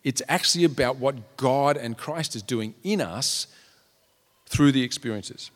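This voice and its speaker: A man's voice: mid-range voice, unhurried. Earnest preacher man in a reverberant hall. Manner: earnest, acts out quotes in raised voices. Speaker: pastor. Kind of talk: sermon.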